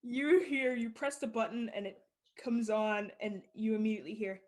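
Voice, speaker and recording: A woman's voice: a little high, steady tone, moderate pace. A woman narrating as game master of a tabletop game, laughing often as she describes scenes. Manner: laughs often, voices characters briefly.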